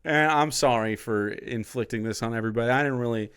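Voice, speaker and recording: Mocking, profane streamer reacting to a clip. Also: male voice, mid-range voice, fast, a bit bright, smooth, no room sound, clean studio sound. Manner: mocking, sarcastic, laughs often.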